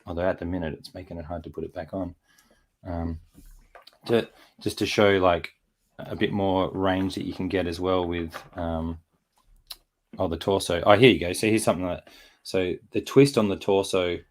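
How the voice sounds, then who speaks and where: The host, a man getting over a chest infection, poses a figure during a casual, rambling chat full of fillers and restarts. His voice is low-pitched with fairly even intonation and a moderate pace.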